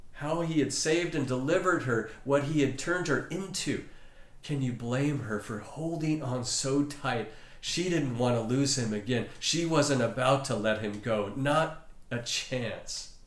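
Dramatic preacher, roomy church. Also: male voice, medium pitch. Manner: dramatic storytelling with long pauses. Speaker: pastor. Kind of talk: sermon.

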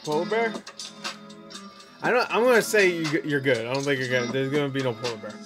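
A man hosting a casual meme reaction video, laughing, swearing often and bursting into loud exclamations. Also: fairly high pitch, quick pace. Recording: loud music playing behind the voice.

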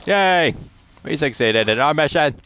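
A man's voice: mid-range voice, very animated, moderate pace, fairly bright tone, soft background music. A young man hosting a casual let's-play, cracking jokes to himself and swearing as he plays. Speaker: gaming channel host.

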